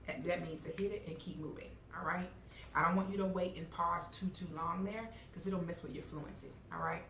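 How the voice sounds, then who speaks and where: A woman's voice: fairly low pitch, steady tone, fairly quick, a bit bright, a little hiss or hum. A woman teacher guiding young readers, encouraging and checking in often with "okay?" and "all right?". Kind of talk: classroom instruction. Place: classroom. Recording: roomy classroom, mic far off.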